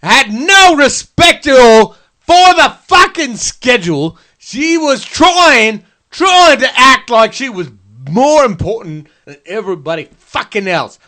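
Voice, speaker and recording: Man doing a put-on Australian accent, brash male comedian, loud, swearing, high bright voice. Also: big pitch swings, slow pace, heavily acted. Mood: ranting.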